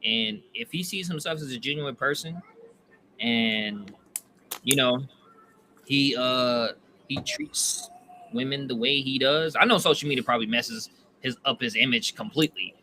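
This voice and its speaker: A young man chats casually on a comedy podcast, rambling and hesitant. His voice is very bright and sharp. Faint noise hums behind him. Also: mid-range voice, sing-song, a little slow. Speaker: podcast co-host.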